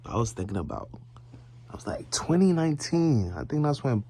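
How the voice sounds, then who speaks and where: Man, sleepy late-night bedroom monologue, very mellow and dark, rambling and drowsy. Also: medium pitch, very animated, brisk, creaky, breathy edge. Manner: rambling and drowsy, drifting into near-whispers. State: sleepy, yawning. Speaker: vlogger. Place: bedroom, lying in bed.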